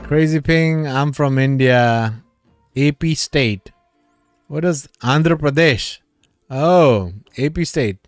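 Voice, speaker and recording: A man hosts a casual livestream, reading his viewers' comments aloud and chatting back at a slow, unhurried pace. He laughs often. His voice is close and dry, with faint music playing underneath. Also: fairly high pitch, dry recording. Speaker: livestream host reading chat. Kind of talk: casual live chat with viewers.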